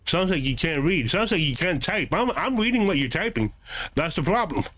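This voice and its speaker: A man's voice: a little high, very animated, moderate pace, a bit bright, slight background noise. Sarcastic man scolding his chat. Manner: combative, sarcastic, lecturing. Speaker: game streamer. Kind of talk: live-stream chat reply.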